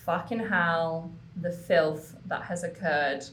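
A young woman co-hosting a podcast, telling a story in an animated way, with lots of swearing and fillers. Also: lowish voice, takes it slowly, echoey room, slight background noise. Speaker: podcast co-host. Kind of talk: casual chat.

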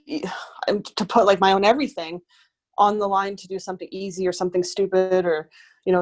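A woman who works in pest control, chatting casually as an interview guest, rambling with many fillers. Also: mid-range voice.

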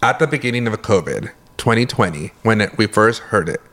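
A man's voice: on the low side, animated, brisk, a bit bright. A man co-hosting a podcast, chatting casually and telling rambling stories, often correcting himself and laughing. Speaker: podcast co-host; works in the medical field. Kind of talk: casual chat.

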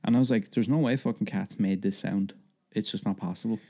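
A man's voice: fairly low pitch, a little fast, vocal fry, dark tone. A man co-hosting a podcast, casually telling a rambling story full of fillers and swearing. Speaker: podcast co-host. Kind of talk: casual chat.

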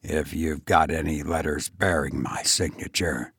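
A man's voice: steady tone, unhurried, fairly bright tone, slightly rough, no room sound, clean studio sound, full character voice. A man voicing a blunt, stern heavyweight. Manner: blunt, curt, low and restrained. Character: stern powerful man, blunt, short-tempered.

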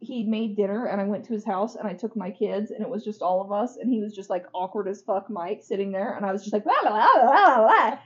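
A woman's voice: medium pitch, steady tone, fast, hardly any pauses, mellow. A woman co-hosting a casual podcast chat, blunt, teasing and profane. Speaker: podcast co-host. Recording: dull lo-fi recording.

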